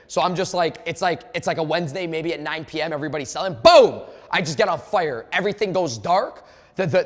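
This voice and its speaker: Male sales trainer, high-pitched, energetic, profane, storytelling, long hall reverb. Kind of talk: motivational webinar talk.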